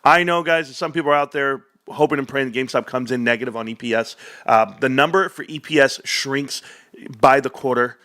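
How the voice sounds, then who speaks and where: Bright-voiced chatty male streamer. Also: mid-range voice, brisk. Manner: chatty, addresses viewers directly. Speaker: livestream host. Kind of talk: casual stock market livestream. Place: home.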